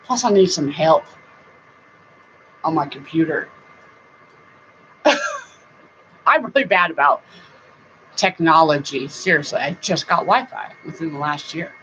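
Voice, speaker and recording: A middle-aged woman hosting a casual live-stream chat, rambling warmly, laughing often and now and then breaking into song. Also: deep voice, measured pace, long pauses. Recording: dull lo-fi sound with faint noise.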